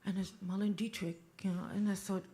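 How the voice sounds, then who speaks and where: A woman's voice: medium pitch, level tone, brisk, warm tone. A woman, a cabaret singer telling stories on a small club stage in a playful, theatrical way, teasing the audience into a stage microphone. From Germany. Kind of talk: onstage storytelling between songs.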